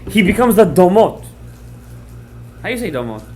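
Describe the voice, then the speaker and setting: A man teaching a Torah class as a rabbi, telling a story with lively acted-out quotes, mixing in Hebrew terms and checking words with his listeners. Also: high voice, moderate pace. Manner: animated storyteller, acts out quoted lines, checks words with the audience; mixes in Hebrew and Aramaic terms.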